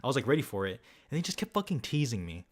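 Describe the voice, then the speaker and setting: A man's voice: mid-range voice, very animated, rapid-fire. A young man reviewing films in a casual, rambling way, peppered with filler words and swearing while he answers viewers. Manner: rambling and loose, heavy use of filler words, swears freely. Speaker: film vlogger.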